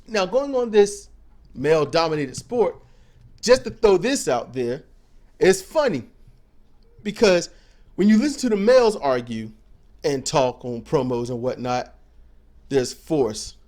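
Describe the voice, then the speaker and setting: A man co-hosting a casual commentary show, talking bluntly and swearing freely. His voice sits high and swings widely up and down as he lectures. He sounds preachy and outspoken. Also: expressive, a little slow, pauses often, a little mellow. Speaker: co-host commentator.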